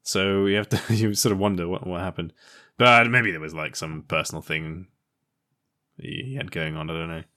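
A man's voice: low-pitched, steady tone, normal speed, bright, forceful tone. A man co-hosting a podcast, chatting casually in a hesitant, musing way and laughing often. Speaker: podcast co-host. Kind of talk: casual chat.

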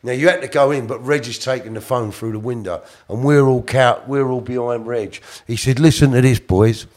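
Medium-pitched and brisk, a middle-aged man meanders through a casual anecdote as an interview guest. He self-corrects as he goes and slips into the voices of the people he quotes.

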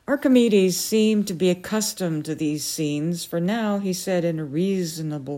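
A woman reading a novel aloud as a storyteller, measured and unhurried. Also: fairly low pitch, mellow.

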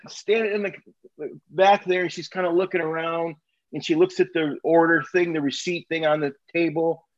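A man with a notably high voice spins a profane, animated story in a casual chat. He swears freely and laughs partway through lines. The sound is slightly muffled.

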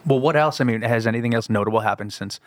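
A man's voice: mid-range voice, quick pace, no echo. Frank, casual male interviewer. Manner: frank, swears casually, short reactive remarks. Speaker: interviewer, host. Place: indoors in a house.

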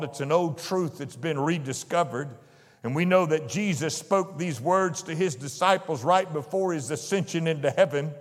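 A man with a high voice preaches a sermon slowly and with emphasis, leaning hard on key words. His voice rings out with a long reverb, as in a church sanctuary. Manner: slow, emphatic preaching that builds in intensity.

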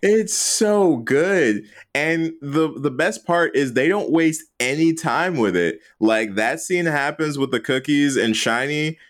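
A man's voice: a little high, lively intonation, slow, hardly any pauses. A man co-hosting a podcast, gushing about a movie with swearing and laughs. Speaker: podcast co-host. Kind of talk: casual movie review chat.

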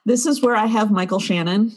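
Podcast co-host with quick reactions. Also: medium pitch. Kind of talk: casual chat.

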